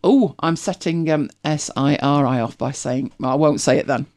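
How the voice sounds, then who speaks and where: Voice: mid-range voice, normal speed, darkish tone. A host with a British accent, chatting casually and rambling with many restarts. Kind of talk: casual chat.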